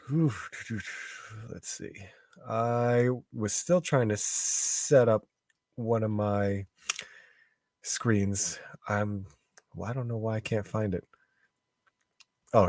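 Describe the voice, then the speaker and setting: Tired, hoarse man chatting slowly. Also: fairly low pitch, no room sound, clean studio sound. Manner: rambling, greets chat viewers by name. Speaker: live stream host. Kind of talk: casual live stream chat.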